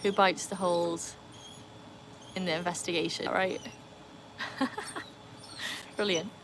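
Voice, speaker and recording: A woman's voice: on the low side, steady tone, slow, noisy background. A British woman streaming live from home with her dogs, chatting casually as she reads and answers the chat. She rambles, with plenty of "like" and "um". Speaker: live streamer, dog owner. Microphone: phone.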